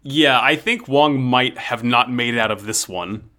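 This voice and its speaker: Bright-voiced man, joking and profane. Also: mid-range voice, unhurried. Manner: joking, profane, narrates plot. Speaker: podcast co-host. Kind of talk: casual chat recapping an anime.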